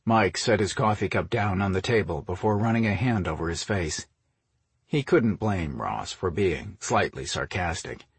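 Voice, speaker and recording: A man reading an audiobook story in a steady, measured narration. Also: low voice, breathy edge, no room sound. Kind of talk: scripted narration.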